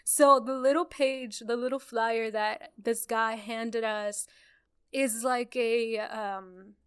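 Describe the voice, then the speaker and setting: A woman's voice: fairly high pitch, slow pace, clean tone. A woman, co-hosting a casual podcast and telling a story with lots of laughter and acted-out quotes. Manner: animated storyteller, acts out quotes, laughs often. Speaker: podcast co-host.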